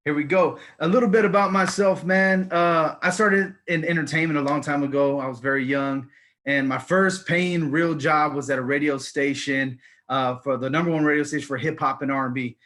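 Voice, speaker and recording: A middle-aged man working through a stand-up set in a fairly high voice. He tells his stories with lively swings, punching lines up loud, then dropping low and quiet as he plays other people. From Texas. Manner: animated storytelling, swings loud and soft in quoted exchanges. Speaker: stand-up comedian.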